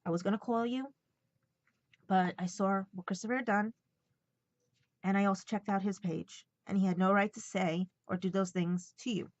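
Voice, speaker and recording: A woman's voice: mid-range voice, steady tone, moderate pace, no echo. Emotional woman vlogger, dull dry sound. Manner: emotional, rambling retelling full of quoted dialogue. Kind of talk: casual vlog storytelling.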